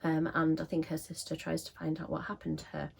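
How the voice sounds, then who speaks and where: A woman's voice: low-pitched, monotone, fairly quick, gravelly, a little mellow, breathy edge. A woman with a scratchy voice, chatting casually to camera as a book vlogger with frequent filler ums.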